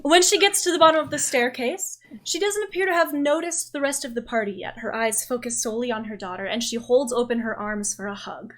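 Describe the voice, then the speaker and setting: High-voiced woman narrating a tabletop game. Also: brisk, hardly any pauses. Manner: descriptive, storytelling, with fillers. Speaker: game master.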